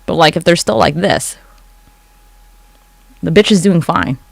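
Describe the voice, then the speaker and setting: Rambling, cursing livestreamer with vocal fry. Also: mid-range voice, a little slow, dry recording. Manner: rambling, swears a lot, answers chat comments. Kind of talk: casual late-night live-stream chat. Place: home at night. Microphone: phone.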